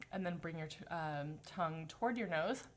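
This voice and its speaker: A woman voice teacher leading a live-streamed vocal warm-up class, giving gentle, encouraging instructions, greeting viewers by name, and demonstrating hums and sung sounds. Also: deep voice.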